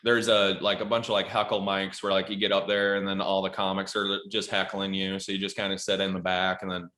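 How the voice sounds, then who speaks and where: A bright, forceful male voice tells loose, profane stories in a casual podcast chat. He is a comedian guest and often breaks into loud, high acted quotes. The room sounds echoey. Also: monotone, a little fast.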